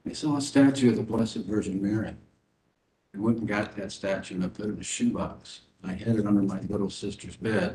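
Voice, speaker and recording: A polite man with a low voice tells an anecdote to a public meeting. He speaks in a council chamber with a roomy echo and a faint rumble underneath. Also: a little mellow. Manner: polite, deferential, storytelling.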